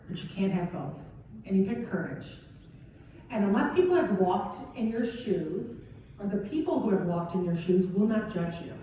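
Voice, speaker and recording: A golf coach, a middle-aged woman with a mid-range, dark voice, speaks conversationally in a motivational keynote and keeps asking "right?". Slight background noise accompanies the recording, made with a distant, dull mic in a very echoey event hall at a golf championship.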